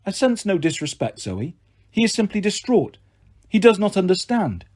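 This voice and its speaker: A man voicing a stern, commanding young goddess of the hunt who speaks calmly, coldly and formally. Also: sits high, moderate pace, voice pushed up. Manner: calm, cold and formal.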